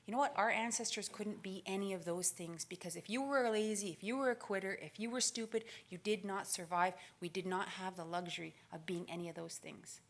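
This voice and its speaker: A woman in her forties giving a motivational keynote speech, telling stories with lively acted-out quotes. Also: mid-range voice, brisk, few pauses. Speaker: keynote speaker. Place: conference stage.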